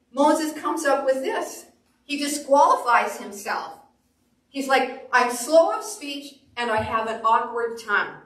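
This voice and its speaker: A woman pastor preaching a sermon, telling stories with animated delivery and acting out quotes. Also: high voice, distant mic. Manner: animated storytelling, acts out quotes. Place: church sanctuary. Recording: echoey room, voice off the mic.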